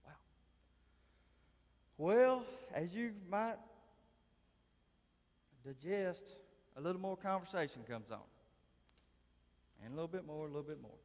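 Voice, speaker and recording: A man, preaching a folksy sermon with a conversational, drawling manner and dry humor. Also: a little high. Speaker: lay preacher. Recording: long reverb of a large hall.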